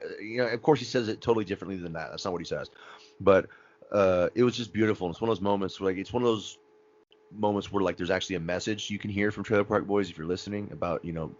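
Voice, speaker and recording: Low-voiced male podcast co-host, animated fan chat, muffled lo-fi audio. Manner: animated, acts out quotes, laughs often.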